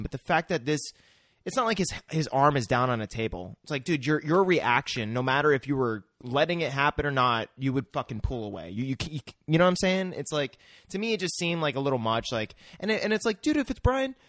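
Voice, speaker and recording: A man's voice: mid-range voice, a bit bright, no room sound, studio quality. A man co-hosting a podcast, rambling through a complaint with lots of swearing and calls of bro. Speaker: podcast co-host. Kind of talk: casual movie recap chat.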